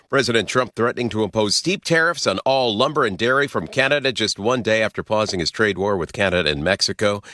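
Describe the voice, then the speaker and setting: A man anchoring a radio newscast, reading the headlines in a crisp, measured way. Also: lowish voice, pushed and bright, dry recording, studio quality. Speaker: news anchor.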